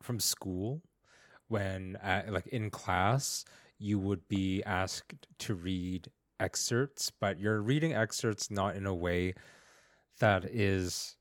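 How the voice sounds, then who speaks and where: A man's voice: low voice, takes it slowly, no echo, clean studio sound. A man co-hosting a podcast, chatting casually and a little self-deprecatingly. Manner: relaxed, self-deprecating, hedging with fillers. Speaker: podcast co-host.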